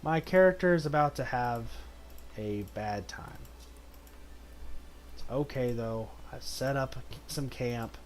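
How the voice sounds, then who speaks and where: A man streaming a video game in casual commentary, reading the game's text aloud and breaking into sudden excited outbursts. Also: medium pitch, slight background noise.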